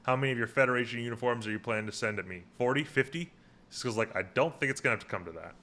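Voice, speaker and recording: A man's voice: mid-range voice, very fast, pushed and bright. A man co-hosting a podcast, recapping an episode in casual chat and paraphrasing the scenes with lots of fillers.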